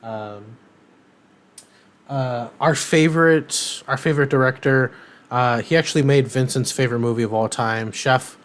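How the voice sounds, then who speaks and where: A man's voice: mid-range voice, normal speed. A man co-hosting a podcast, chatting casually and rambling with lots of ums and uhs. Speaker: podcast co-host. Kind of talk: casual chat.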